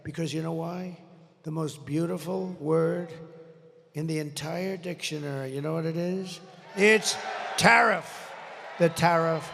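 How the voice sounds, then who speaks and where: An older man in his seventies rails from a rally podium in a high, gravelly voice, rambling and boastful, ready to pick a fight. His throat sounds strained from shouting. The sound carries a long arena echo over a faint crowd. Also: fairly even intonation, moderate pace, slight background noise. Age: 70s. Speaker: presidential candidate. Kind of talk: off-the-cuff campaign rally speech. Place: large indoor rally venue. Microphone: podium microphone.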